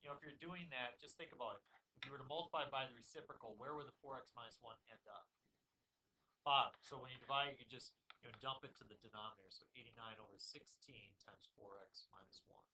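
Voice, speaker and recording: A man teaching a math lesson to a classroom, talking to his students in an informal way with quick asides. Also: medium pitch, steady tone. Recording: distant classroom recording with faint noise.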